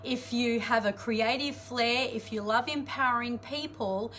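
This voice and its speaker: A woman, coaching an audience in a chatty, energetic live-streamed motivational talk, greeting viewers and laughing often. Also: on the high side, measured pace, slight background noise. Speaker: life coach.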